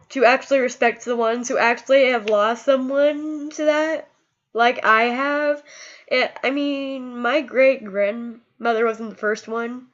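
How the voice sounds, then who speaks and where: A woman's voice: on the high side, muffled recording. A young woman vlogging emotionally, impassioned and scolding, often repeating her words while upset. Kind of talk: emotional personal vlog.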